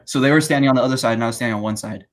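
A man's voice: medium pitch, rapid-fire. Young man telling an anecdote casually. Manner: filler-heavy anecdote telling, laughs along. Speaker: podcast co-host. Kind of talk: casual chat.

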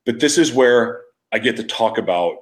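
Here a man hosting his own podcast opens up about a raw personal experience, candid and emotional, often starting over or trailing away. He has a medium-pitched, expressive voice at a normal speed.

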